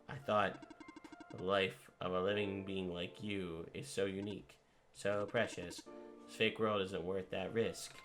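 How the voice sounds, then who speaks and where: A man voicing an apologetic computer program that runs a game world, explaining itself in an earnest, halting way. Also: fairly low pitch, fairly bright tone.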